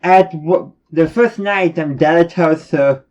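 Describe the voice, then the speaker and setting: A man's voice: on the high side, takes it slowly, a little mellow, lo-fi sound. A man giving a casual spoken review, rambling along with many restarts and fillers. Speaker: reviewer of animated episodes.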